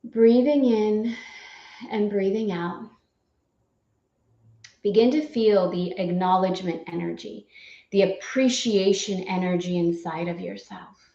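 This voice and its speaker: A woman's voice: medium pitch, fairly even intonation, slow pace, long pauses, mellow, echoey room, highs cut off. A woman guiding a live spiritual lesson, playful and effusive, laughing often as she leads affirmations and breathing. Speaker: spiritual course guide. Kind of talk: live guided affirmation session.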